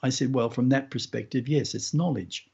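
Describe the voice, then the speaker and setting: A man hosting a podcast, telling a first-person story in an unhurried, earnest way. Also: mid-range voice, a little mellow, breathy edge, highs cut off. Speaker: podcast host.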